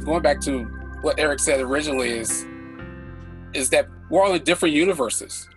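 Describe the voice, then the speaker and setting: A man's voice: a little high, fairly quick, soft background music, rough recording. A man telling a personal story in a group conversation, stumbling over false starts as he goes.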